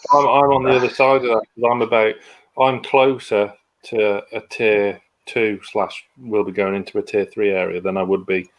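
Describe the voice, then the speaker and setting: A man's voice: fairly low pitch, fairly even intonation, moderate pace, rough recording. A man from England hosting a casual football fan chat, joking in a playful, self-assured way.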